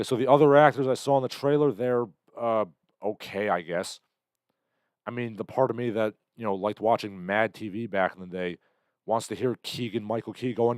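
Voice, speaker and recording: Sardonic male streamer, low pitch, dry close sound, rambling chat-reading host. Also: dry recording. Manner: rambling, sardonic, bursts into loud impressions. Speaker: livestream host. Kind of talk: casual commentary reading chat comments.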